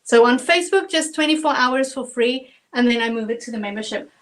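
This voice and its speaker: A woman's voice: on the high side, brisk, poor audio. A woman from South Africa with a South African accent, chatting through a live acrylic painting tutorial step by step. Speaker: painting instructor.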